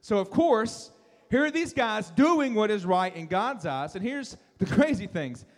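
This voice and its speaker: A man's voice: high voice, sing-song, a little slow, long reverb tail. A man preaching a sermon in a conversational, emphatic way, acting out quotes as he retells the story. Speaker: pastor.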